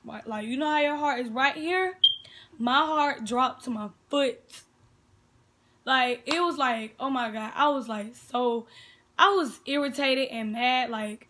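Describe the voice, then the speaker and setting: A woman's voice: high-pitched, a little slow, fairly bright tone, slight background noise. A young woman, chatting casually and animatedly retelling events with quoted dialogue. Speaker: sister of the vlogger. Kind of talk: casual chat.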